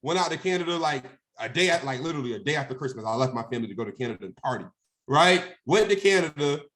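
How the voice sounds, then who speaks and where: A man's voice: medium pitch, animated, quick pace, a bit bright. A young man telling a personal story in a casual, conversational way, often asking "right?" and acting out phone calls. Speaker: guest speaker.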